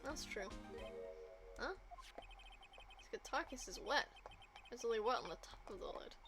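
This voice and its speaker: A woman's voice: fairly high pitch, expressive, normal speed, natural voice. This is a wry young defense lawyer, read by a woman voicing a game. He sounds dry and matter-of-fact. Faint game music sits under the voice. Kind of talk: reading a video game script aloud.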